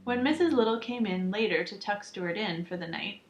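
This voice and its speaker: Reading a children's book out loud, this woman keeps a calm tone, adds offhand comments, and speaks at an ordinary pace in a medium pitch. The echoey room gives a muffled, lo-fi recording with a bit of hiss or hum.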